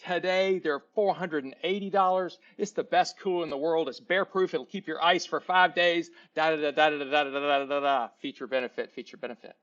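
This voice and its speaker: A man's voice: medium pitch, steady tone, fast talker, few pauses, a bit bright, clear, resonant tone, natural voice. A man voicing an eager young male store clerk who is polite and gets pushy when selling, in a slightly muffled recording. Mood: pushy, hyped.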